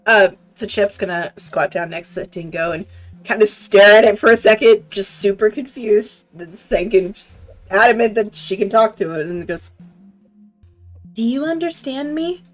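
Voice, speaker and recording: A woman's voice: medium pitch, moderate pace, soft background music. A woman playing a tabletop game, giggly and rambling as she describes her actions. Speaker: player. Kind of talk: casual tabletop play.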